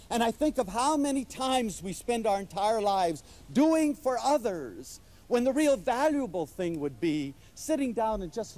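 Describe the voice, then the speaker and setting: A man's voice: high voice, darkish tone. A man giving an inspirational lecture to a live audience, telling stories with enthusiasm and animation.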